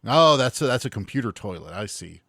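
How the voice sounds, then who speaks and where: A man's voice: mid-range voice, sing-song, fairly quick, a bit bright, no echo, studio quality. A man co-hosting a podcast in casual chat, rambling and sarcastic, stumbling over his words. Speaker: podcast co-host.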